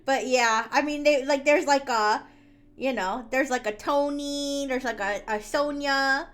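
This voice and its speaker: A woman's voice: sits high, a little slow, a bit bright. A woman streamer chatting casually while she draws, rambling and laughing often, with many restarts.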